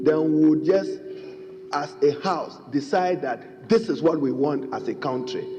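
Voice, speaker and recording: A man's voice: a little high, background noise. A middle-aged man with a Ghanaian accent, a member of parliament giving a formal, emphatic debate speech and repeatedly addressing the Speaker. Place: large parliament chamber. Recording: dull reverberant chamber broadcast.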